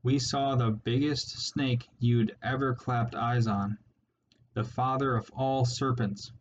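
A man's voice: mid-range voice, steady tone, slow, lightly acted. A man voicing a cowardly, superstitious male ferret soldier with an Irish accent, rambling and pleading, in a slightly muffled recording with faint hiss. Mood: wailing, frightened. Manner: rambling, wailing, rustic storyteller's turns of phrase.

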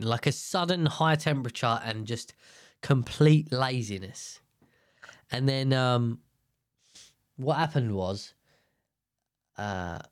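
A man's voice: medium pitch, no room sound, studio quality. A young man telling a rambling, self-mocking story in a casual monologue.

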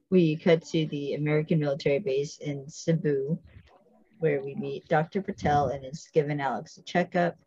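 A woman's voice: low voice, mellow, husky, highs cut off. A woman hosting a podcast, recapping a TV episode in casual chat and stopping to explain details with asides. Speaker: podcast host.

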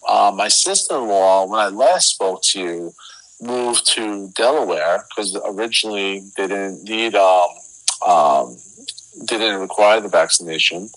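At a measured pace and in a lowish voice, a middle-aged man tells a meandering story as an interview guest. The telling is casual and animated, crowded with fillers. Recording quality is low.

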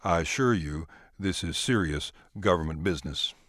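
A man's voice: sits low, lively intonation, moderate pace, a bit bright, dry recording, studio quality. A man doing a stern, officious young agent. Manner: stern, clipped, bossy. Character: young male federal agent, officious, self-important.

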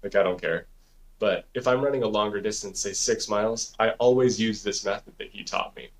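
A man's voice: fairly low pitch, brisk. A man co-hosting a podcast, telling a story in a rambling, casual way, swearing freely and saying "like" and "dude" a lot. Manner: rambling, profane, heavy use of "like" and "dude". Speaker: podcast co-host.

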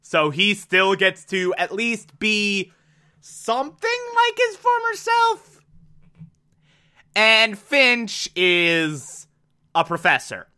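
A man casually and excitably recapping a TV episode, acting out the characters as he goes. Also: sits high, drawn-out words, clear, resonant tone. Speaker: TV show recapper.

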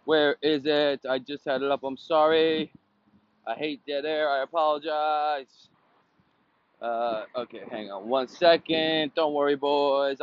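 Brash profane betting podcast host outdoors. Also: male voice, mid-range voice, muffled recording. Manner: brash and profane, recapping picks. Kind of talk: casual sports betting podcast. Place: outdoors, windy, traffic nearby.

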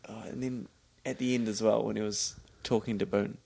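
Man, low voice, gravelly, casual podcast co-host, bantering. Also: little pitch movement, mellow. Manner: laughs often, quick back-and-forth banter. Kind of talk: casual chat recapping a TV episode.

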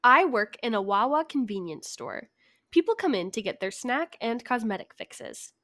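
Young woman, podcast co-host, giggly story reader, slightly high voice, dry close mic. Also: big pitch swings, moderate pace, a bit bright, dry recording. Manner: giggly, reads stories with asides. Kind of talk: casual chat and story reading.

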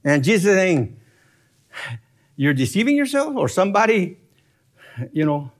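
High-pitched, animated male preacher. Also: normal speed. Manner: animated and chuckling, explains grammar step by step. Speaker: Bible teacher. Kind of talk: expository sermon.

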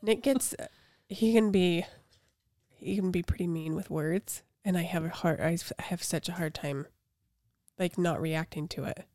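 Chatty woman, lowish voice. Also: moderate pace, darkish tone, no echo. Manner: chatty, fills with "like". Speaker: podcast co-host. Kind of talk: casual chat.

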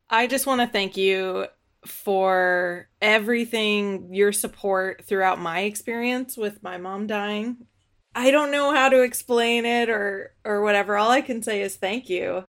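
A woman podcast host speaks slowly and deliberately. Her voice has a mid pitch. She closes the interview with thanks and then reads the show's sign-off. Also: fairly bright tone. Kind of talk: casual interview and outro.

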